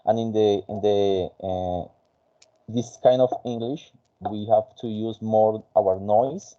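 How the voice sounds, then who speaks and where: A man whose first language is Spanish, teaching an English conversation class in a halting way with many fillers. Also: fairly low pitch, dull audio.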